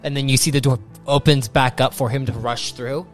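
A young man narrating as game master in a casual, halting way, often restarting his sentences. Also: mid-range voice, steady tone, soft background music.

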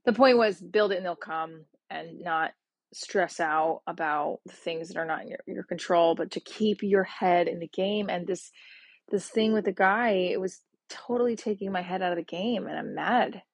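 Husky, gravelly woman in her forties. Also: lowish voice, moderate pace, dry recording. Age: 40s. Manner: rambling and emotional, with restarts. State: sad and upset. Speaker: podcast host. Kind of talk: personal voice diary monologue.

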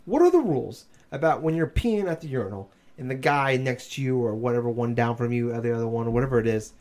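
Man, casual podcast chat, crude and profane, rambling, tired and giddy, swooping pitch. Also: lively intonation, fast talker, darkish tone. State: tired and delirious from overwork.

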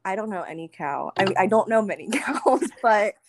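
A woman's voice: mid-range voice, animated, fairly quick, heavy background noise. A woman co-hosting a casual podcast, rambling and giggling, with lots of "like" fillers. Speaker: podcast co-host.

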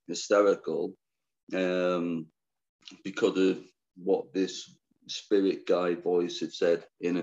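A man telling his own difficult story as an interview guest, halting, restarting often, and speaking frankly. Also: low voice, creaky, a little mellow, dull audio. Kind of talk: candid personal storytelling.

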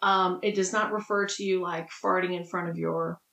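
A woman's voice: lowish voice, fairly even intonation, normal speed, vocal fry, fairly bright tone, roomy sound, poor audio. A woman co-hosting a podcast in casual chat, playful and teasing, laughing often. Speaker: podcast co-host.

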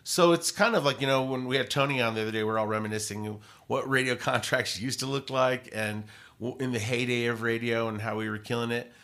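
A male radio host with a medium-pitched voice talks fairly quickly in a relaxed interview, telling stories with lively, rambling energy. He circles back, restarts sentences and uses plenty of fillers.

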